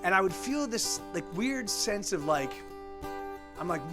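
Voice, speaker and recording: A man with a high voice talks to his live-stream viewers in a loose, rambling way, circling back and restarting his sentences, now and then dropping a curse. Faint music plays softly behind him. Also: big pitch swings, unhurried. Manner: rambling, with many restarts and casual swearing.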